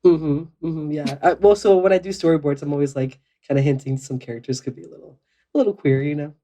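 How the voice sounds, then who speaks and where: Woman podcast guest, low voice, relaxed and laughing easily. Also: fast talker. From United States. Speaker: podcast guest, animation story artist. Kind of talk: casual interview chat.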